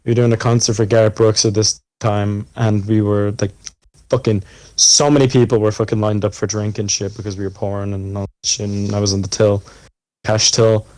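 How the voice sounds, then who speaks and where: A man's voice: lowish voice, level tone, a little fast, darkish tone, dry recording. Young Irish guy, podcast co-host, rambling and sweary storyteller. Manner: rambling, profane storytelling full of fillers. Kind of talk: casual chat.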